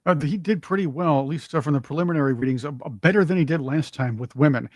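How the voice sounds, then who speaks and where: A man with a somewhat high voice co-hosting a casual political talk show. He speaks emphatically and mockingly, often stumbling over repeated words. The recording is very dry and close. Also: fast, no room sound. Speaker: co-host.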